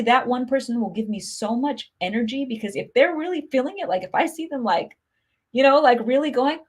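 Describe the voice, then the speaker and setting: Upbeat woman chatting on a live stream, kinda breathy voice, lots of likes and you knows. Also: high-pitched. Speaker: music promotion host answering live comments. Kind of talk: casual livestream chat.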